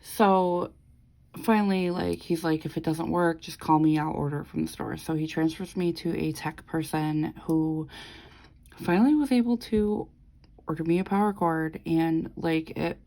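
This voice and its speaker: A woman with a low, gravelly voice and a dark, mellow tone, talking casually. She rambles through stories with plenty of fillers and swears freely while working on her planner. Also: steady tone, normal speed, rough recording. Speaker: planner vlogger.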